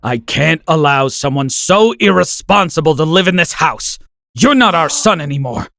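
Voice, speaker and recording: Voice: mid-range voice, lively intonation, moderate pace, vocal fry, a bit bright, no room sound. A text-to-speech narrator voicing a strict, angry father who talks in a stern, firm way. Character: angry strict father disowning his son.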